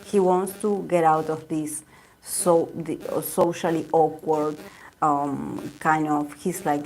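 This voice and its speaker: A woman's voice: low voice, level tone, takes it slowly, darkish tone. A woman giving a casual tarot reading, rambling and repeating herself with lots of fillers. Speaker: tarot reader.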